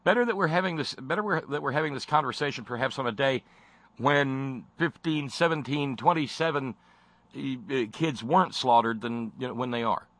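A male host rants with biting sarcasm and rising passion, often stumbling and repeating words. His voice sits at a middle pitch, and the recording is close and dry. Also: moderate pace, a bit bright, dry recording. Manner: sarcastic, stammering restarts. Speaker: talk show host. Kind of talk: impassioned commentary.

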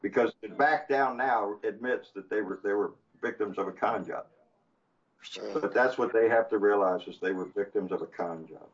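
A man's voice: on the low side, normal speed, distant mic, muffled recording. A man co-hosting political talk radio in a folksy, profane drawl. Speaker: radio co-host.

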